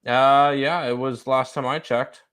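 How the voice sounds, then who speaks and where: A man's voice: mid-range voice, little pitch movement, a little slow, a bit bright, smooth. A man co-hosting a sports betting chat, playfully teasing bettors about moving lines.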